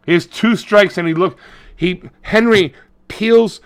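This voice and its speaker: A podcast co-host with a somewhat high-pitched male voice. He rants through a movie plot in casual, profane chat, full of asides. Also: unhurried. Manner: profane, ranting, animated retelling.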